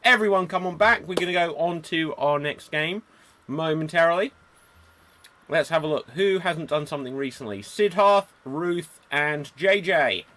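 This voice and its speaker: Guy hosting improv over a video call, kinda high voice, snappy with the freezes. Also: fairly bright tone, slight background noise. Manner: brisk, calls out freezes and suggestions. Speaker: improv show host. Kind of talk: live online improv hosting.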